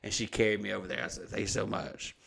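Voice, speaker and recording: A man's voice: lowish voice, monotone, fast, gravelly, fairly bright tone, slightly rough. A young man hosting a podcast, telling a rambling, profane story and admitting he is a bit drunk. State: slightly drunk. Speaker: podcast host, comedian. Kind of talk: casual chat, storytelling.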